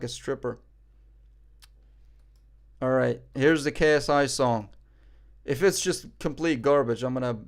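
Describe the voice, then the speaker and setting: A man streaming live, reacting in casual chat; cocky, joking, profane and rambling. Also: medium pitch.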